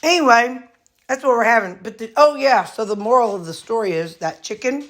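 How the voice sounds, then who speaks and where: A woman's voice: fairly high pitch, fairly quick, a bit bright. A woman vlogging casually at home, rambling through her chores and morning routine while talking to her dogs. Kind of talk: casual home vlog chat. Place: at home, kitchen and storage room.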